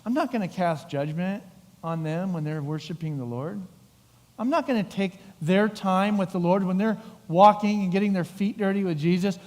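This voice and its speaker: A middle-aged male pastor delivers a lively sermon, acting out the characters in the story as he goes. His voice sits high for a man. The sanctuary adds a long, ringing reverb. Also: moderate pace. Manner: animated storytelling with acted-out voices. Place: church sanctuary.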